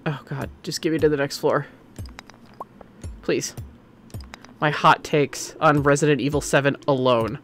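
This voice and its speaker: A man streaming a game, chatting casually and opinionated, swinging between excited outbursts and muttering. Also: on the high side, measured pace, pauses often, faint music behind. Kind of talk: casual gameplay commentary.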